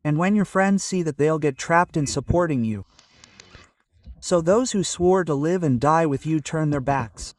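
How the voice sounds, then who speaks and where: A man's voice: a little high, unhurried, dry recording, studio quality. A man from India giving an emotional sermon to a gathering, impassioned, repeating his phrases and building to fervent appeals. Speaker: preacher. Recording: distant mic with loud crowd noise. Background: crowd.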